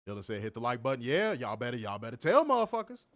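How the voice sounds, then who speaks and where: A young man co-hosting a wrestling review livestream, reading chat comments and trash-talking in a profane, animated way. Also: mid-range voice, quick pace, dry recording. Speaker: wrestling podcast co-host.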